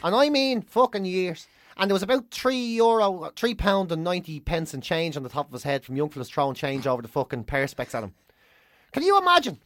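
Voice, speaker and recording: An Irish woman hosting a podcast, chatting casually, animated and swearing freely. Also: lowish voice, fairly quick, dry recording, clean studio sound. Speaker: podcast host. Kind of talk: casual chat.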